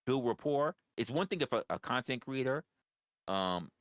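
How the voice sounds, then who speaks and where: A man's voice: mid-range voice, expressive, moderate pace, fairly bright tone, no echo, studio quality. A man hosting a livestream in casual chat with viewers, blunt and profane, often stammering and restarting his phrases. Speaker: livestream host.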